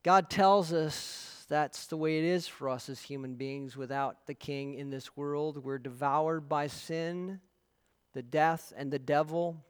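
A man's voice: a little high, steady tone, slow pace, clear, resonant tone. A man preaching a sermon as pastor. He speaks earnestly and emphatically and tells stories to his congregation. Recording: long hall reverb.

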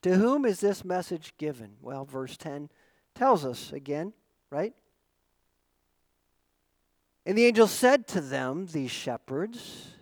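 A middle-aged man preaching a sermon as pastor, asking rhetorical questions and swinging between loud emphatic lines and soft asides. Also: high-pitched, sing-song, a little slow, no echo, poor audio.

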